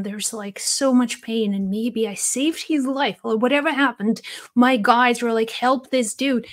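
A woman hosting a spiritual channel, telling a personal story in an earnest, heartfelt way. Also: a little high. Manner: earnest, heartfelt, with soft laughs and restarts.

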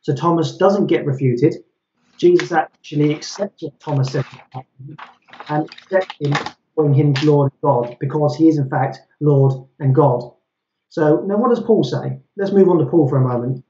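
A man's voice: a little high, normal speed, dark tone. Methodical man arguing scripture, echoey. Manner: methodical, citing scripture verse by verse. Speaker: Christian debater. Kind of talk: street debate argument. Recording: echoey, dull lo-fi sound.

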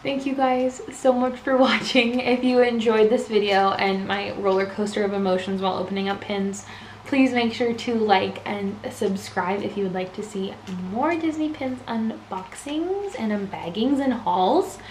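A young woman vlogging an unboxing in a casual, gushing, excitable way, with gasps and squeals. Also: medium pitch, normal speed, a little hiss or hum. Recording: echoey room, faint ambience.

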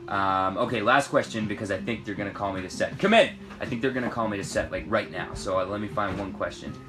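A young man from Britain, an actor, reading fan questions aloud from his trailer and answering in a relaxed, rambling way. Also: on the low side, quick pace, over music. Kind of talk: casual live-stream Q&A. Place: trailer on a film set.

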